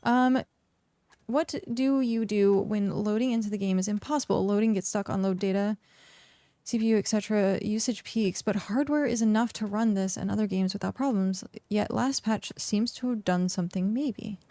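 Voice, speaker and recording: A woman's voice: medium pitch, normal speed, warm tone, no room sound. A woman casually chatting on a game live stream, reading chat questions aloud, with lots of fillers. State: hiccuping.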